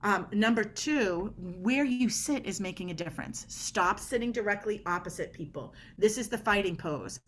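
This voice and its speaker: A woman's voice: mid-range voice, expressive, moderate pace, hardly any pauses, fairly bright tone. A middle-aged woman guest on a podcast interview, explaining body language in an emphatic way and acting out quoted dialogue.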